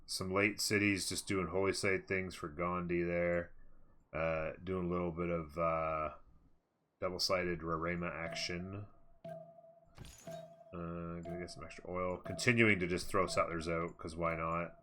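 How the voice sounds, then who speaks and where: A man's voice: low voice, little pitch movement, moderate pace, noisy background. A man casting a live strategy game match, talking casually and rambling with fillers as he thinks aloud. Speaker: esports caster.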